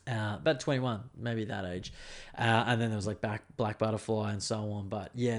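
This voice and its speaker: A man hosting a podcast on his own, chatting casually in a rambling, sweary, laid-back way. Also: on the low side. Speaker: podcast host. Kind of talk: casual solo podcast chat.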